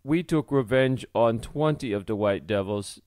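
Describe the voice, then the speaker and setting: A man's voice: mid-range voice, unhurried, a little mellow, no room sound, studio quality, natural voice. A man voicing a skinny, hungry runaway man who speaks nervously and pleads. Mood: pleading.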